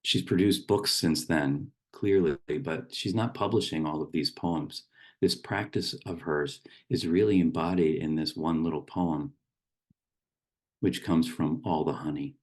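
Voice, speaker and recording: A middle-aged man giving a gentle, unhurried reflective talk as a meditation teacher, with small restarts. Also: low voice.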